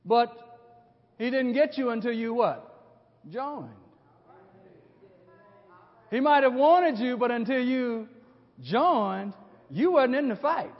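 An older man preaching a sermon, swinging from hushed low phrases to shouted peaks, repeating lines and asking the congregation questions. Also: expressive, slow, pauses often. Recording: dull recording with long hall reverb.

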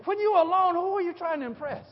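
A man preaches with great passion in a very high voice, sinking to near whispers and then bursting into shouts. He often repeats and restarts his phrases as he drives each point home. The sound is dull and muffled, carried by the long reverb of a church hall. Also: fast talker. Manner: impassioned, swings from hushed to shouting. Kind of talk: sermon. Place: church sanctuary.

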